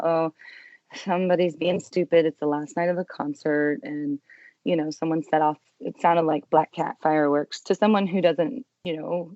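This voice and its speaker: A young adult woman telling her story as a podcast guest, earnest and emotional, dropping to a hush when quoting herself. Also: low-pitched, no room sound, dull audio. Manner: earnest, emotional retelling with quiet hushed quotes. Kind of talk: personal testimony in an interview.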